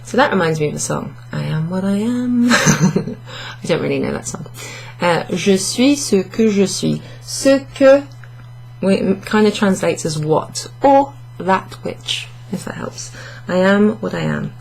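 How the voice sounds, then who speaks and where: In an online French lesson filmed indoors under a hot studio light, a woman faces the camera and walks through each step, correcting herself aloud as she goes. Her voice is mid-range and expressive, a little slow, with vocal fry and a darkish, slightly rough tone.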